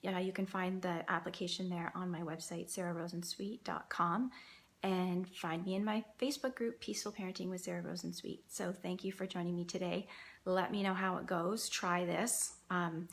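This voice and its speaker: A woman's voice: on the low side, steady tone, normal speed. A woman parenting coach giving earnest, reassuring advice straight to her viewers. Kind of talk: direct-to-camera advice talk.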